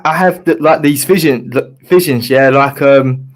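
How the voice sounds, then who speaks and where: A man's voice: mid-range voice, normal speed. A man chatting on a live stream, laid-back and joking, often stumbling and restarting his words. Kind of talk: casual chat.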